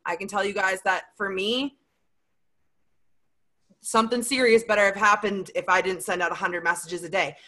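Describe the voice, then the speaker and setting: Speaking at a moderate pace with long pauses, a young woman who leads a sales team fields questions on a motivational livestream. Her medium-pitched voice has fairly even intonation and a sharp tone, and she's chatty and emphatic, constantly saying "like" and "you guys." The recording is rough.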